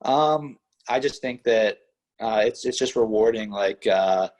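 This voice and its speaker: A man's voice: fairly low pitch, measured pace, darkish tone. Easygoing young man, Pittsburgh-Midwest accent. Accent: Pittsburgh mixed with Midwest. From western Pennsylvania. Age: young adult. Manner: easygoing, modest, filler-heavy with many "you know" and "like". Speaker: college wrestler guest. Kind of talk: casual interview chat.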